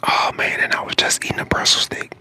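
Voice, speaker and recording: A man in his twenties from St. Louis, whispering casual chat to viewers on an ASMR live stream, hoarse from a lost voice. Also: fast talker. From St. Louis, Missouri. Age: 20s. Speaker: ASMR creator.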